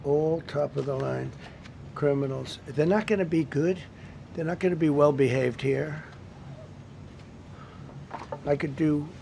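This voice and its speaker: A man's voice: on the high side, vocal fry, a little mellow, a little hiss or hum. A man in his seventies giving off-the-cuff remarks at a press briefing in a government briefing room, blunt and repetitive, with rambling asides, into a podium microphone. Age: 70s.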